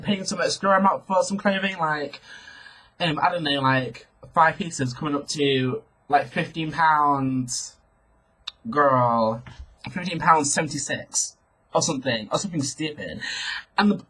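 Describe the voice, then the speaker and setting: Sassy guy in his twenties, lively husky delivery, storytime vlogger. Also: a little high, low-quality recording. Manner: sassy and animated, keeps saying girl. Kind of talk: storytime rant to camera.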